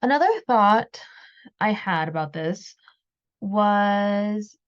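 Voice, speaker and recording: A woman giving reflective opinion commentary, measured and thoughtful, sometimes repeating words as she thinks. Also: medium pitch, smooth, lo-fi sound. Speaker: commentary video host.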